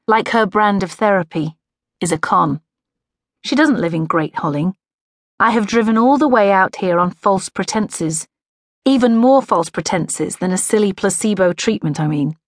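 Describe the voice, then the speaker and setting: A woman's voice: mid-range voice, no room sound, clean studio sound. A woman narrating a first-person audiobook in a wry, sardonic inner-monologue manner. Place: recording studio.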